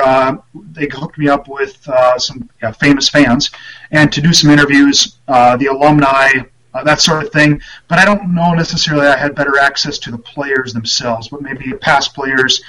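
A man telling a long, rambling anecdote as a guest on a casual podcast, with frequent pauses. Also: medium pitch, sharp tone, poor audio. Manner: rambling, lots of fillers and restarts, laughs at himself. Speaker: guest, former team writer.

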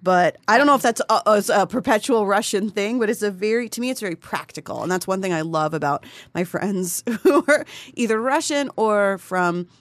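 A woman's voice: medium pitch, lively intonation, a little fast, no echo. A woman chatting casually, candid and profane, rambling with frequent restarts. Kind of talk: casual conversational chat.

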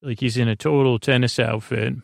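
A man hosting a sleep podcast, recapping an episode in a halting, hesitant way with many pauses. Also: medium pitch, fairly even intonation, creaky, no echo, studio quality. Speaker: podcast host.

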